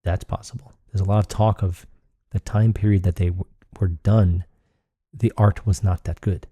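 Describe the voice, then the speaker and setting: A man's voice: deep voice, warm tone, slightly rough, dry recording, clean studio sound. A man hosting a solo podcast, rambling and thinking aloud with frequent restarts. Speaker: podcast host.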